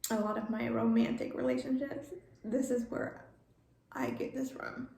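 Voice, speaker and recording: Woman vlogging, halting, stumbling speech, emotional, roomy echo. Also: fairly high pitch, steady tone, vocal fry, mellow. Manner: halting, repeats words, emotional. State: emotional, near tears. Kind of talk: personal storytelling vlog.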